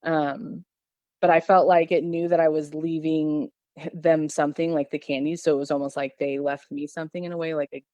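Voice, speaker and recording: A woman's voice: low-pitched, little pitch movement, a little fast, mellow, dry recording, dull audio. Rambling woman telling a story, dry sound. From Missouri. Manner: rambling, with many fillers and restarts. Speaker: podcast guest telling an encounter. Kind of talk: casual storytelling.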